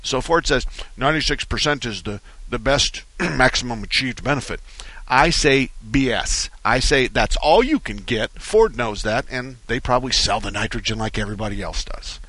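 A man's voice: mid-range voice, expressive, moderate pace, few pauses, bright, forceful tone, breathy edge, dry recording. A man hosting a talk radio car show, rambling through folksy stories in a studio. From Arizona. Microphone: studio microphone.

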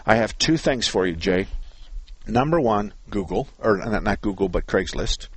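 Husky-voiced folksy radio car-repair host. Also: male voice, on the low side, expressive, moderate pace, no room sound. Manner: folksy, joking, rambling explanations. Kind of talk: call-in radio talk.

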